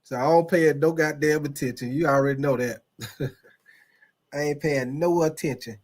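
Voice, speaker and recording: A man's voice: on the high side, fairly even intonation, moderate pace. A man hosting a casual sports podcast who talks in a loose, rambling way, addresses his chat directly and laughs often.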